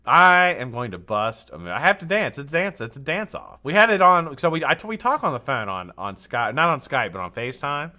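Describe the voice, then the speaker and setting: A man's voice: fairly high pitch, big pitch swings, fairly quick, few pauses, sharp tone. A man in his forties from the United States hosting a casual live stream, joking, swearing and reading viewers' chat names aloud. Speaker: livestream host.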